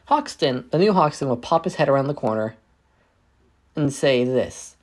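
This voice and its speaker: A man's voice: medium pitch, animated, moderate pace. A man casually improvising a fan fiction story, often correcting himself as he goes. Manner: rambling, self-correcting. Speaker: fanfic storyteller.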